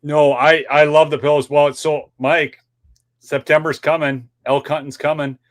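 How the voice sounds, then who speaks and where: A man's voice: on the high side, flat delivery, unhurried. A man hosting a show, chatting enthusiastically about products he uses. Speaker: show host. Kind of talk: casual chat.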